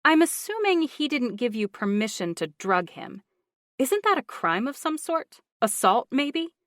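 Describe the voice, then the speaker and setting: A woman's voice: fairly high pitch, sing-song, unhurried, fairly bright tone, dry recording, clean studio sound, pitched above the performer's own voice. A woman voicing an anxious young woman who reassures urgently, then turns indignant.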